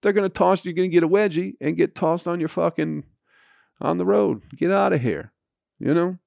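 A man's voice: sits high, moderate pace, vocal fry, darkish tone, dry recording. A man hosting a podcast, telling a profane comic story with frequent laughs and swearing. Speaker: podcast host. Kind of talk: profane comedic rant.

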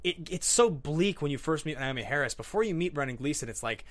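A man's voice: fairly high pitch, quick pace. A man hosting a casual movie podcast, talking animatedly and acting out scenes he loves. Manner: animated, acts out movie scenes in quoted voices. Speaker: podcast host.

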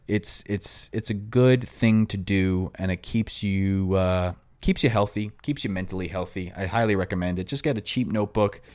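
A young man in his twenties with a New York accent, hosting a podcast in rambling, filler-heavy casual chat that breaks into loud excited outbursts. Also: fairly low pitch. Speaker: podcast host.

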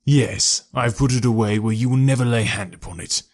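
A bitter, defiant middle-aged ex-convict, read by a man. He speaks with raw passion in a low, steady voice, as in a storybook reading. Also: a little fast, lightly acted.

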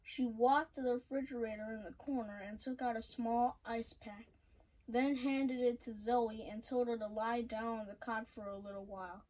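A woman's voice: on the high side, steady tone, darkish tone, poor audio. Woman reading a children's story aloud. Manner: halting, frequent restarts and self-corrections. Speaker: story reader.

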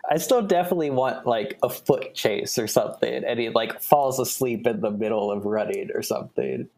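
Young dude on a podcast, chill, kinda thinking out loud. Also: male voice, medium pitch, normal speed. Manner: relaxed, thinking aloud with fillers. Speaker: podcast co-host. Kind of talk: casual brainstorming chat.

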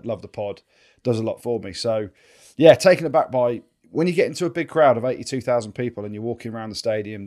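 Brief: English male podcast co-host, quick chatty delivery, mid pitch, salty anecdotes. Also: darkish tone. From England. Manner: chatty storyteller, swears freely. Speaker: co-host, former rugby player. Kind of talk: casual podcast chat.

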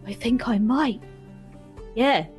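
A woman's voice: fairly high pitch, slow pace, darkish tone, faint music behind. Chatty woman player at a game table. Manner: eager, chatty, hedging with fillers. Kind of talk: casual chat at a tabletop game.

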